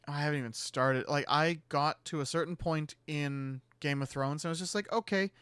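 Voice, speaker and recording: A man's voice: on the high side, fairly even intonation, normal speed, fairly bright tone, clean tone, dry recording. A man hosting a stream, rambling casually and laughing often. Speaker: streamer host. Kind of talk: casual chat.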